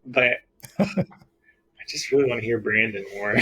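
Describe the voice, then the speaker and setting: A man's voice: mid-range voice, unhurried, bright, forceful tone, husky, poor audio. A man playing in a tabletop role-playing game over a video call, playful and chuckling between remarks. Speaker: player. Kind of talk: casual table talk, joking.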